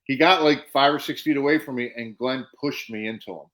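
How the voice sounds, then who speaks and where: A man's voice: medium pitch, brisk, rough recording. Storytelling man, casual podcast chat. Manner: animated storyteller, acts out quotes. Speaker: podcast co-host, former wrestler.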